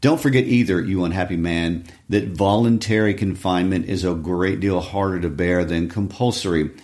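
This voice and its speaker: Man voicing a spoiled rich banker, deep voice, scornful, condescending. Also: normal speed, darkish tone, lightly acted. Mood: mocking. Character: spoiled, mocking wealthy male banker.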